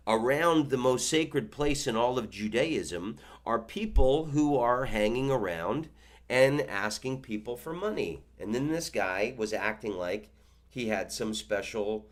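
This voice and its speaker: A man in his fifties, a comedian and podcast host, telling a story in a monologue with animated delivery and stammering restarts. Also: fairly low pitch. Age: 50s.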